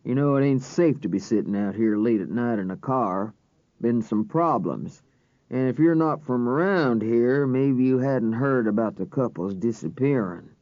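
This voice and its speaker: A male narrator voicing a stern, tobacco-chewing rural deputy who lectures slowly. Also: mid-range voice, animated, darkish tone, no echo, voice pushed down, close to an everyday voice. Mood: stern warning. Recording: slightly dull audiobook recording.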